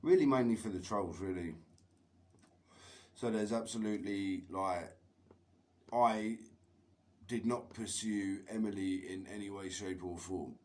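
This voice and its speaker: A man's voice: on the low side, a little slow, pauses often, darkish tone. A man telling a long rambling story on a live stream, swearing constantly and laughing between lines. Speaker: livestreamer.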